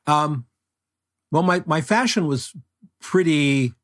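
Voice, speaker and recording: An older man, a photography guest, telling stories in a relaxed, unhurried interview chat. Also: fairly high pitch. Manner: unhurried anecdotal storyteller.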